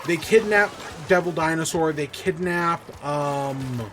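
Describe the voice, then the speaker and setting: A man's voice: a little high, slow, a little hiss or hum. A man hosting a podcast, enthusiastically recapping a cartoon episode in a rambling, casual way with frequent fillers and swearing. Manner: excited, rambling, swears freely. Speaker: podcast host.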